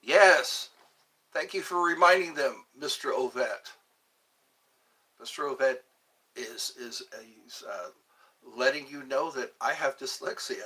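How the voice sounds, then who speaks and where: A man's voice: medium pitch, measured pace, sharp tone, slightly rough. A man hosting a live stream, chatting casually and reading viewer comments, often stumbling and repeating words. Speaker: livestream host.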